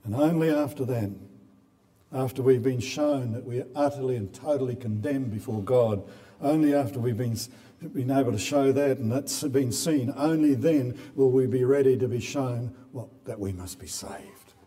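Earnest preacher in a reverberant hall. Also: male voice, medium pitch, moderate pace, warm tone. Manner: earnest, repeats words when building a point. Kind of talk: sermon.

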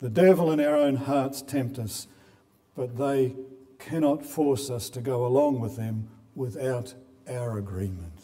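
A male preacher delivers an earnest sermon in a mellow, dark voice. His words ring out with a long reverb, as in a big church hall. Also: medium pitch, unhurried. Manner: earnest, repeats words when building a point.

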